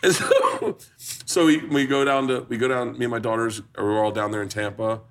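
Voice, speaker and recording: A man's voice: medium pitch, normal speed. A man in his forties hosting a casual comedy cooking show, telling a profane story and acting out the voices in it. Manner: profane, animated, acts out voices. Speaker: host.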